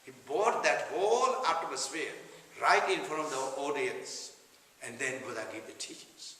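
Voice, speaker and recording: A man's voice: on the high side, pushed and bright, distant mic. Tibetan-accented man teaching in an echoey hall. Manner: halting, repeats phrases, non-native English phrasing. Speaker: Buddhist teacher. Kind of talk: meditation teaching. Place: large retreat hall.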